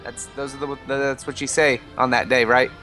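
A man's voice: medium pitch, level tone, moderate pace, sharp tone, soft background music. A man from the USA, chatting playfully and giggling between remarks. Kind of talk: casual chat.

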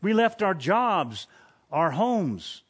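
A preacher putting on a dismayed disciple, a man who has given up everything and now pleads, earnest and worked up. The voice lifts a little above the preacher's everyday pitch. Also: very animated, very slow, breathy edge, exaggerated voice. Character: troubled male disciple speaking for the group.

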